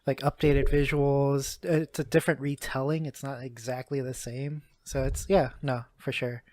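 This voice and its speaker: A man's voice: mid-range voice, flat delivery, normal speed, darkish tone, dry recording. Easygoing male podcast guest. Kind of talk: casual chat.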